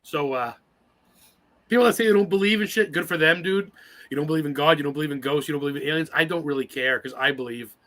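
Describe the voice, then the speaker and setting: Fast, bright-voiced man in his forties. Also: a little high. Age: 40s. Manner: rambling, profane and emotional. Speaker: podcast guest. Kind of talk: casual interview storytelling.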